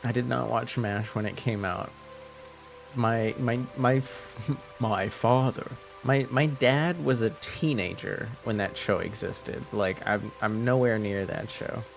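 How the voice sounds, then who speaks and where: A young man with a French Canadian accent talks casually to his stream viewers at a slow, unhurried pace. His speech is soft and halting, full of restarts. Faint music plays underneath. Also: lowish voice, gravelly. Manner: hesitant, many restarts, soft-spoken. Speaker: livestream host. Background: faint background music.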